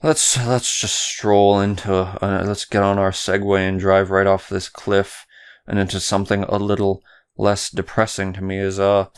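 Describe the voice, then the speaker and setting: Casting: young male podcast host from Canada, deep, clean tone, rambling rant with frequent swearing. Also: completely flat delivery, normal speed, smooth. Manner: rambling, stumbles over words, swears often. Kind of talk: solo political commentary podcast.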